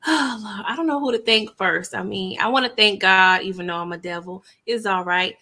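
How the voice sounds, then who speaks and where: A woman from Harlem, a panel guest in casual chat, playful and animated. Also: medium pitch, a little fast. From Harlem, New York City. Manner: playful, animated, mock acceptance speech.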